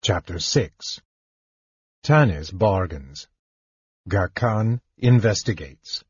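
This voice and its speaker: A man narrating a fantasy audiobook in a measured, expressive storytelling manner. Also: deep voice, husky, no room sound. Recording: dull lo-fi dry recording.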